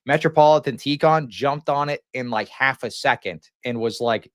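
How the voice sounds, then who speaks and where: A man's voice: mid-range voice, moderate pace, few pauses, a bit bright, dry recording, clean studio sound. Man rambling on a live stream. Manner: rambling and mocking, with frequent restarts and laughter. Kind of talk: casual live-stream commentary.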